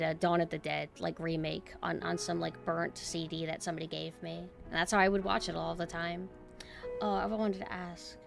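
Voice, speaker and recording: A woman streamer chatting casually with her viewers in a dry, deadpan monotone. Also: fairly low pitch, vocal fry.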